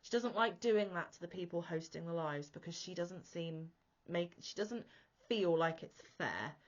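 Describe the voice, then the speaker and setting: A woman hosting a crochet channel, chatting casually to camera in a gushy, excitable way. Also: on the low side, normal speed. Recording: dull lo-fi audio.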